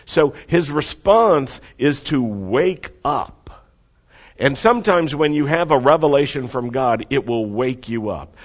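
A man preaching a sermon with expressive delivery, leading the congregation to repeat lines after him. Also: mid-range voice, lo-fi sound. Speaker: pastor.

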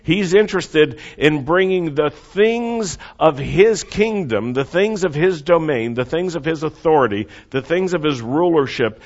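Lively-voiced male preacher, lo-fi sound. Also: fairly high pitch, measured pace, few pauses. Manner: expressive preaching, has the congregation repeat lines. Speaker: pastor. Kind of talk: sermon.

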